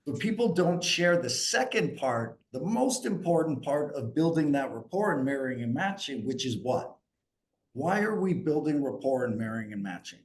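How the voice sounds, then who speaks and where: A man from New York coaching a group live, energetic and asking the group questions. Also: on the high side, moderate pace. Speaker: sales coach.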